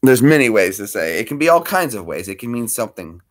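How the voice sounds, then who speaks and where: A man's voice: lowish voice, sing-song, quick pace. A man hosting a casual livestream, greeting viewers by name and talking to his dog between topics. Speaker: livestream host.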